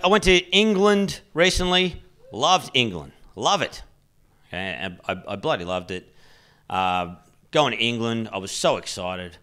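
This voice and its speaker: An Australian man doing stand-up on a club stage, telling absurd stories in a deadpan way with hesitant fillers. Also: medium pitch, unhurried. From rural New South Wales, Australia. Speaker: stand-up comedian. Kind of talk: stand-up comedy set. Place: comedy club stage with live audience. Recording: live club recording, noisy. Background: audience laughter.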